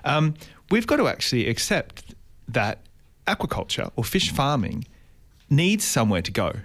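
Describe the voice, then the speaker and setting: A man's voice: medium pitch, big pitch swings, normal speed, fairly bright tone. A man with an Australian accent co-hosting a radio show, explaining a topic at length and often restarting his sentences. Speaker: radio co-host. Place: radio studio.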